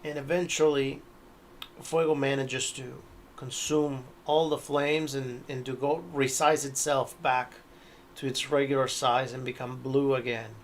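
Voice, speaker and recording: A man narrating a tabletop horror game as game master, telling the scene slowly with hesitant restarts. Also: mid-range voice, little pitch movement, a little hiss or hum. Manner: slow, hesitant storytelling.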